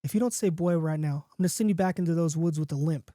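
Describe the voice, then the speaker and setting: An overexcited, rough-edged man who keeps insisting, as a narrator puts him on. The voice rides higher and louder than plain talk, pushy and eager, with a dark, dry tone. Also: fast talker, no echo, natural voice. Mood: excited. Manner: loud, excited, insistent. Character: excitable rough man with a wolf.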